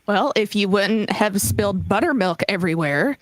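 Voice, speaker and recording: A woman's voice: medium pitch, expressive, normal speed, no room sound. A woman guest in a casual podcast chat who answers with dry, wry quips.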